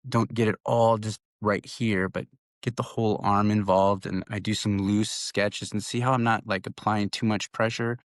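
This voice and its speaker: A man in his thirties co-hosts a casual podcast chat, telling a story in a loose, rambling way full of restarts. His voice sits low. The sound is dry and close, with no room around it. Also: flat delivery, moderate pace, dry recording. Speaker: podcast co-host.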